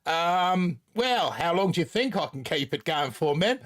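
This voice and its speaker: A man's voice: fairly high pitch, very animated, measured pace, fairly bright tone. A man in his forties with a put-on Australian accent, chatting casually as host of a live stream and reading out viewer comments. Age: 40s. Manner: chatty, rambling, reads viewer comments aloud.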